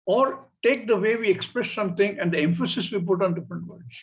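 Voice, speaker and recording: A man with an Indian English accent, teaching a scripture class in a measured way and acting out everyday examples. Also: high-pitched, muffled recording. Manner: measured, illustrative, acts out examples. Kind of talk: spiritual class lecture.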